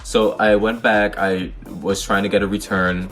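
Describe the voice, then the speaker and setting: A man's voice: lowish voice, little pitch movement, moderate pace, a bit bright, faint music behind. A young man from the Netherlands telling personal stories to camera in a frank, heated way, full of slang and swearing. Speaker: vlogger. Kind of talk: casual personal storytelling.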